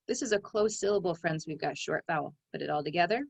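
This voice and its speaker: A woman teaching a phonics lesson to young children, sounding out each word part slowly and clearly. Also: sits low, no room sound, rough recording.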